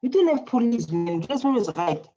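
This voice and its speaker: Reaction host: man, dark mellow tone, rambling delivery, coughing, dull lo-fi recording. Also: very high-pitched, lively intonation, fairly quick. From South Africa. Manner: rambling, repeats phrases, frequent exclamations. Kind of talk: casual reaction commentary.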